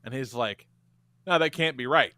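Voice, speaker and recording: A man's voice: medium pitch, normal speed, sharp tone, no echo. A man co-hosting a podcast, telling a rambling story with lots of swearing and laughter. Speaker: podcast co-host. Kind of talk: casual podcast chat.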